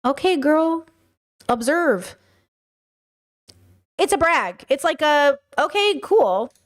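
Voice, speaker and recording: A woman hosting a casual podcast, her voice sitting high and bright. She chats with lively energy, slipping into little acted-out exchanges as she talks. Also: slow. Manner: animated, acts out quoted exchanges. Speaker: podcast host reacting to a video. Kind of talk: casual chat.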